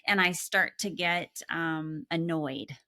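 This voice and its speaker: Bright, gravelly-voiced woman co-host. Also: deep voice, slow, no room sound, clean studio sound. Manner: expressive, laughs often, acts out voices in examples. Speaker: podcast co-host, therapist. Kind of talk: casual chat.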